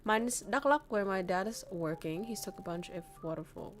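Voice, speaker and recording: Reading out viewer messages on her stream, a young northern Vietnamese woman chats candidly, curses freely and laughs a lot. She speaks with a medium-pitched voice at a brisk pace.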